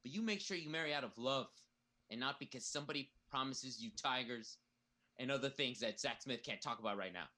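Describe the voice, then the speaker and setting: A man's voice: mid-range voice, brisk, bright, forceful tone, close to an everyday voice. An actor playing a crude, boastful young male bully who rambles and laughs at himself, in a comedic play reading.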